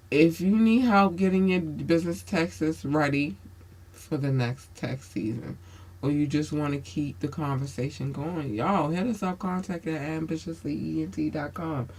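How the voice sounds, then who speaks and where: A man's voice: on the high side, a bit bright. Blunt, swearing male podcast host. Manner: blunt, preachy, swears freely, calls listeners baby. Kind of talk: casual advice monologue.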